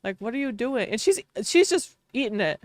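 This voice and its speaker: A woman's voice: fairly high pitch, very animated, a little fast, dry recording. A woman with a Wisconsin accent chatting casually on a live game stream, laughing often and talking to her chat. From Wisconsin, US Midwest.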